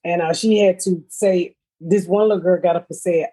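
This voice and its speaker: A middle-aged woman with a husky, slightly breathy voice hosts a casual podcast chat. She tells comic stories bluntly, full of profanity, and laughs as she goes. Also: on the low side, steady tone, moderate pace, warm tone. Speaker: podcast host. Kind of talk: casual comedic storytelling.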